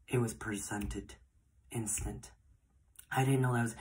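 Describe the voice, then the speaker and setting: Woman, extremely low pitch, chatty, earnest storytelling. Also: takes it slowly, long pauses. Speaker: spiritual podcaster. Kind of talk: personal storytelling.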